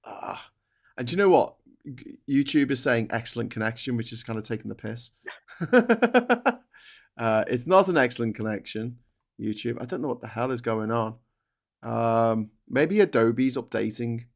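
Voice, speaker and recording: A man's voice: medium pitch, expressive, vocal fry. Joking man on a live stream. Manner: joking, chatty, quick asides. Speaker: co-host of a news talk stream. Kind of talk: casual live-stream chat. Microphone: video call.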